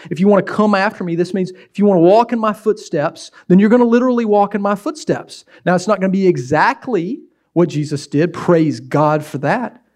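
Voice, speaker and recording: A middle-aged man delivers a sermon as a pastor. He preaches with animation and slips into acted-out scenes. His voice sits somewhat high for a man. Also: darkish tone.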